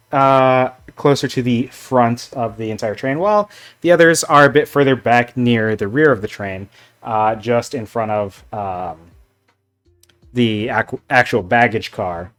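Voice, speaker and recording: Easygoing male game master, slow and rambling, faint music behind. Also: medium pitch. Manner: rambling, filler-heavy, easygoing. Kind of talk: narrating a tabletop game.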